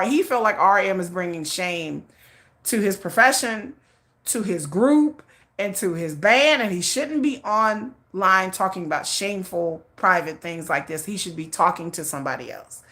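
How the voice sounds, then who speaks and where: A woman's voice: medium pitch, normal speed, a bit bright. A woman hosting a casual livestream, chatty and emphatic, often restarting phrases and talking straight to her viewers. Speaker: livestream host.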